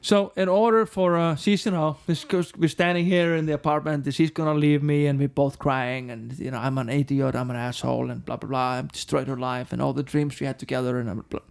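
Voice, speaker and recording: A man's voice: medium pitch, fairly even intonation, fairly quick, vocal fry, hardly any pauses, smooth. A middle-aged man from Iceland, a rock band frontman whose first language is Icelandic, telling his story frankly and profanely in an interview and acting out the dialogue he quotes.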